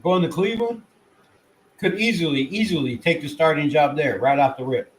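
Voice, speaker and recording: A man runs his own fan channel and talks football in a rambling, excitable way, swearing freely and now and then chewing as he talks. His voice sits a little high for a man. A faint hiss runs under the home recording. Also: moderate pace, rough recording. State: chewing food. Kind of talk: casual sports commentary.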